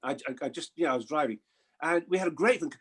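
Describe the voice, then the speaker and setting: A man in his seventies chatting as a guest, telling lively stories with chuckles and impressions. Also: on the high side, fast, slightly rough. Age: 70s. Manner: lively storyteller, chuckling, mimics voices. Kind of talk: anecdotal chat.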